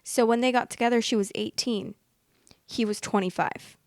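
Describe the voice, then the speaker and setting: Expressive woman host, dry close mic. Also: fairly high pitch, fairly quick, vocal fry, no room sound. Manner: expressive, exasperated asides. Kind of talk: reading stories aloud and reacting.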